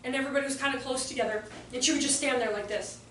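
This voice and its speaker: A woman with a high, bright-pitched voice gives a fast, animated talk to a live audience, acting out quotes as she goes. She is heard from a distance in a roomy hall. A faint hum sits underneath. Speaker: workshop presenter.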